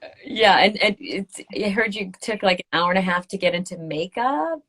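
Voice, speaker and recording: A woman's voice: mid-range voice, expressive, a bit bright. Enthusiastic woman podcast host. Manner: enthusiastic, quick to laugh, asks questions. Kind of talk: casual interview chat.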